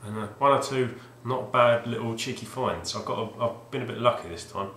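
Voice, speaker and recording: A man with a mid-range voice talks briskly against a noisy background, vlogging about his video game finds. He's hesitant and wry, restarting frequently as he rambles casually. The home recording is roomy and echoey.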